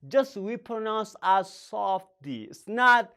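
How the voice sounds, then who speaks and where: A woman with an Ethiopian accent, a native Afaan Oromo speaker, teaching an English lesson slowly and switching often between English and Afaan Oromo. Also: mid-range voice, lively intonation, fairly bright tone, smooth. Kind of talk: bilingual language lesson.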